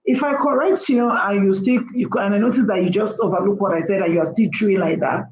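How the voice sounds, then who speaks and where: A woman's voice: mid-range voice, fast, darkish tone, reverberant, slight background noise, rough recording. A woman talking casually to camera as a vlogger, emphatic and repeating her points for stress.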